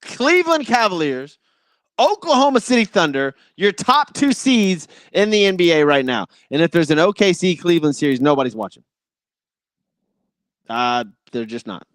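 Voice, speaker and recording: A man's voice: on the high side, sing-song, normal speed, fairly bright tone, dry recording, clean studio sound. A man hosting a sports talk show, giving a casual, opinionated monologue in a blunt and exasperated way.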